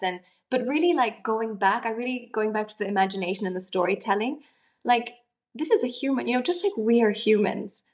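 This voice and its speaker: Chatty woman guest, eager and animated. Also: fairly high pitch, fairly quick. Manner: enthusiastic, frequent "like" fillers. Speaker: actress and singer, guest. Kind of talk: conversational interview.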